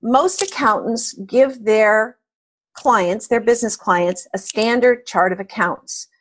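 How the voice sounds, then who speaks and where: A woman's voice: on the high side, slow pace. A middle-aged woman answering interview questions about accounting advice, emphatic and telling stories with animation. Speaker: accounting advisory expert guest.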